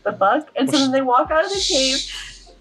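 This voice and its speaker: A young woman co-hosting a podcast, rambling through a movie recap, swearing and acting out the characters in quick quoted voices. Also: high voice, a bit bright, low-quality recording. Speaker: podcast co-host. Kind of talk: casual movie recap chat.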